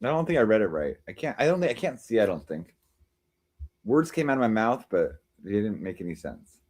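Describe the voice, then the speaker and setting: This streamer's voice is on the low side and a little mellow, brisk, with big pitch swings. He chats casually with viewers and reads their comments, rambling, teasing, and leaping between jokes and replies.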